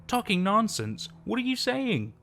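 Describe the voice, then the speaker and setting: A man reading the lines of a shaken young woman who pleads and insists, in a gravelly voice. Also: mid-range voice, lively intonation, measured pace, a bit bright, a little hiss or hum. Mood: frantic. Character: distressed young woman, Anna.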